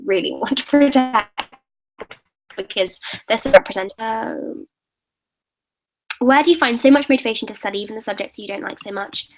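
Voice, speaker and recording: A woman's voice: mid-range voice, a little hiss or hum, low-quality recording. A teenage girl in a casual live-stream Q&A, reading out viewers' comments and answering them in a chatty, upbeat way. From United Kingdom. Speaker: YouTuber answering live questions.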